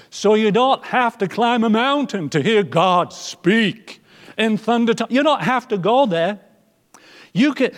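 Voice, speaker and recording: High-voiced preacher, loud then hushed. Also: male voice, in a large hall. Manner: swings from loud emphatic lines to soft near-whispers. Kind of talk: sermon.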